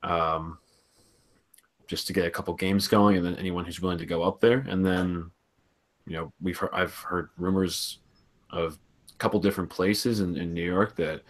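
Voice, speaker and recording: A man co-hosting a sports podcast, explaining things in relaxed casual chat. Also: low-pitched, normal speed. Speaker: podcast co-host.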